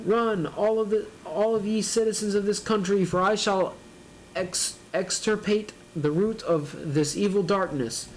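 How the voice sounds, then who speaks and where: A man's voice: sits high, measured pace, a little hiss or hum, pitched above the performer's own voice, low-quality recording. A man voicing a grandiose old male villain wizard who makes pompous, archaic proclamations in a raised voice. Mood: proclaiming.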